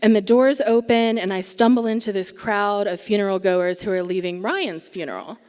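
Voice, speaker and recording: A young woman telling a comic personal story on stage before a live audience, wry and self-mocking with dramatic pauses. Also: medium pitch, fairly even intonation, a little mellow, clear, resonant tone. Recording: long theatre reverb.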